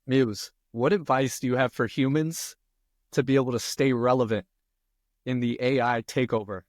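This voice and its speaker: A man's voice: mid-range voice, steady tone, dry recording. An upbeat man hosts a podcast and jokes with his guests. His voice sits in a middle range. The sound is dry and close to the mic. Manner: upbeat, joking, quick to laugh. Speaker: podcast host. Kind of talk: casual podcast chat.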